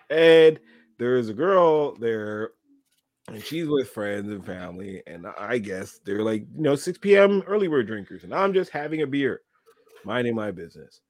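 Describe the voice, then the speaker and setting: A man in his thirties hosting a podcast, telling stories in a casual, animated way and acting out the people in them. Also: medium pitch, dry recording. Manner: animated, laughing storyteller acting out quotes. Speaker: podcast host. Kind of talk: casual storytelling chat.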